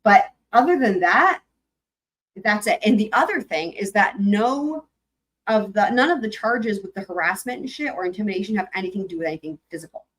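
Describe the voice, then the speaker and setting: A woman hosting a live stream, reading court filings aloud and commenting on them in a chatty, animated way. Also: medium pitch, brisk, low-quality recording. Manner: chatty, animated, breaks into sung snippets.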